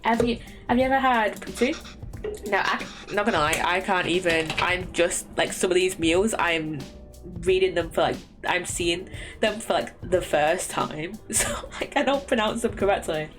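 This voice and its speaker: A woman's voice: on the low side, normal speed, fairly bright tone, faint music behind. A woman streaming a story game, chatting casually, rambling and laughing at herself. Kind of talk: casual gameplay commentary.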